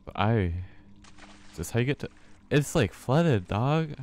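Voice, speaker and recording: A man's voice: medium pitch, expressive, measured pace, a little mellow, a little hiss or hum. A man streaming a horror game, talking to himself with nervous laughs and swearing. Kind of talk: casual let's-play commentary.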